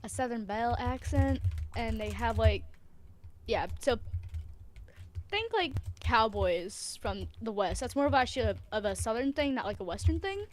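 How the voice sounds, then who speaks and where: A fairly high-pitched woman hosts a casual stream chat. She explains things hesitantly and fills her sentences with ums and likes. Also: lively intonation, normal speed. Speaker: streamer host.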